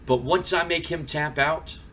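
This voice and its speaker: A man's voice: fairly high pitch, measured pace, fairly bright tone, pitched above the performer's own voice. Whining cocky male wrestler, read by a man, indignant, faint noise. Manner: indignant complaining. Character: arrogant male wrestler, whining, self-important.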